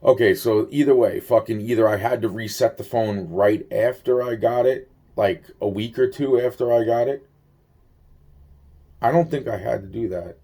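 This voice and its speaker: A man's voice: medium pitch, normal speed, warm tone. A man talking to the camera in a casual, rambling monologue, cursing constantly and filling every gap with "you know" and "like.".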